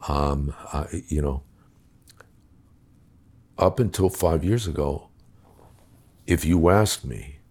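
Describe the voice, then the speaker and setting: A man's voice: very deep voice, slow pace, pauses often, a little mellow, husky. A middle-aged man telling a story in conversation, blunt, emphatic and full of swearing. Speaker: guest recounting his time as a police official.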